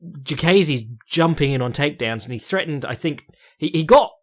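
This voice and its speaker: A man's voice: on the high side, animated, moderate pace. A man hosting a podcast, breaking down fights in a rambling, casual way with sweary jokes and chuckles. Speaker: podcast host.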